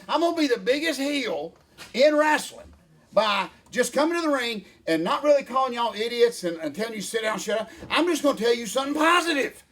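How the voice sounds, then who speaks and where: An older man, ranting in a folksy, animated way as co-host of a casual chat. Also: extremely high pitch. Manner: folksy, animated rant with Southern phrasing.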